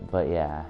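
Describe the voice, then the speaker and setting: A young man from the United States chatting on a live stream in a very low, mellow voice. He talks loosely, laughs a lot and often restarts mid-sentence. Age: 20s. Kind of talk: casual live-stream chat.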